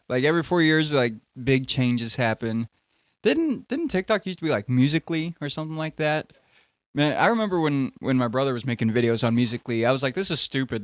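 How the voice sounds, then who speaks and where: A man's voice: medium pitch, no room sound, studio quality. A young man hosting a casual podcast, rambling and joking, often cutting himself off mid-sentence. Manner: rambling, jokey, self-interrupting. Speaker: podcast host.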